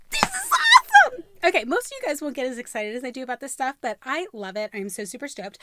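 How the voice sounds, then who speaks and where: A woman hosting a crafting unboxing vlog, gushing, gasping and squealing with excitement over each item. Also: on the high side, slight background noise. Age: adult with a young son. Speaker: crafting channel host.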